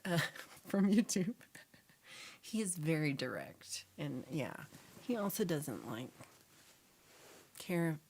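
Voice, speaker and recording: A woman from Texas hosting a casual livestream chat, reading viewer comments in a chatty, animated way and sometimes dropping to a whisper. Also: on the low side, slightly rough. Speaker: livestream host.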